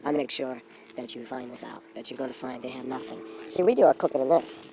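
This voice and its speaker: A man's voice: medium pitch, fast, creaky, distant mic, natural voice, poor audio. A man in character as a grandiose self-proclaimed real Mexican, lecturing and boasting in a rambling improvised comedy monologue outdoors among trees. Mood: defiant. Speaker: vlogger in character.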